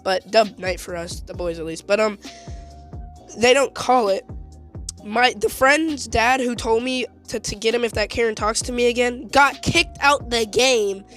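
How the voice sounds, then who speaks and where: A teenage boy telling a story in a casual, animated, slangy way, often laughing mid-sentence. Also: extremely high pitch, measured pace, soft background music. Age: teens.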